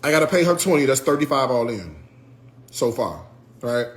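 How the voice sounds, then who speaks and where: Very animated in a mid-range voice at normal speed, a livestream host breaks down costs for his viewers and fusses at the chat in frustration. He talks Southern US style, addressing them as "y'all" and "child."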